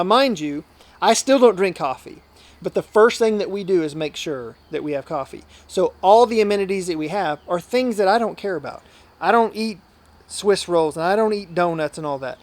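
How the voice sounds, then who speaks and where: A man's voice: high voice, lively intonation, moderate pace. A man who works as a hunting outfitter and guide, telling stories in a casual podcast interview. He talks earnestly and at length, often acting out what people said to him. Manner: earnest, talkative, often acts out quoted dialogue.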